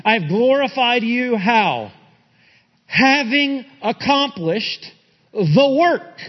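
A pastor preaching a sermon and closing in prayer, swinging from loud emphatic peaks to quiet asides. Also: male voice, high-pitched. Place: church sanctuary. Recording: dull recording in a reverberant church hall.

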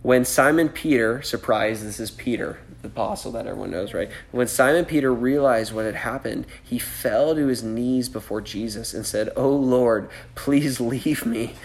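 A male pastor delivers a sermon in a chatty, easygoing way, at an ordinary middle pitch. He keeps checking in with his listeners and slips into quick acted voices for the people in the story. The sound carries the echo of a roomy space. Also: vocal fry. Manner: casual preaching, frequent "right?", acts out voices with laughs. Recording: echoey room.

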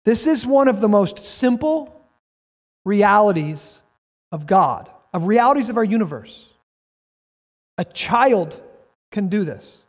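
A man delivers a sermon as pastor, reading scripture aloud and driving his points home with emphatic bursts. His voice sits high for a man. It rings out with a long reverb, as if in a large worship hall. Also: sing-song, slow pace, long pauses. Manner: emphatic, rises to shouts, reads scripture aloud.

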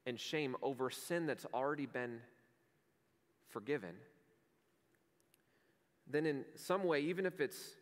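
A male pastor delivering a sermon in an earnest, conversational way, telling vivid everyday stories. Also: medium pitch. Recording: long hall reverb.

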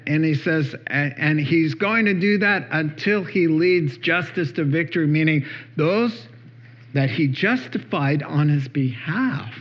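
A male pastor giving a folksy, animated sermon and chuckling often, then leading a prayer. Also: fairly high pitch, muffled recording. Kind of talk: conversational sermon.

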